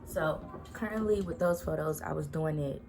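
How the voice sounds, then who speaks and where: Low-pitched and creaky, this young woman's voice moves at normal speed as she chats to camera from her bedroom at home. She keeps it laid-back and slangy while music plays.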